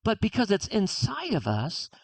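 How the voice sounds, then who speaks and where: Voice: mid-range voice, huge pitch swings, moderate pace, dry recording. A guest author on a podcast interview, talking earnestly and reflectively and acting out inner dialogue.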